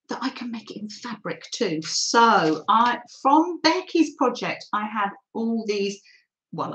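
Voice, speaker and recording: A middle-aged woman hosting a live craft session, chatting warmly to viewers and reading their comments as she works. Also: a little high. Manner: friendly, reads out chat comments while crafting. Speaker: craft livestream host.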